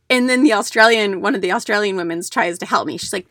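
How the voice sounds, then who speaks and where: A woman's voice: medium pitch, brisk, hardly any pauses, a bit bright, no echo. Chatty woman podcaster in a dry room. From United States. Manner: chatty storyteller with many fillers and restarts. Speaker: podcast host and declutter coach. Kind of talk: casual podcast talk.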